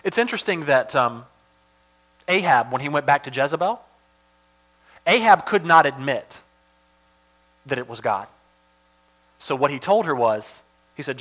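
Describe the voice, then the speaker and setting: A man preaching a sermon, animated, swinging between loud emphatic bursts and hushed asides. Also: on the high side, a little slow, long pauses. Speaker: pastor.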